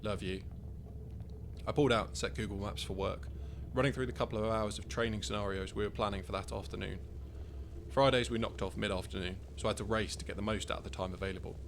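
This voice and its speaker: A man's voice: lowish voice, fairly even intonation, fast talker, vocal fry, background noise. A man narrating his own first-person short story in a wry, conversational way.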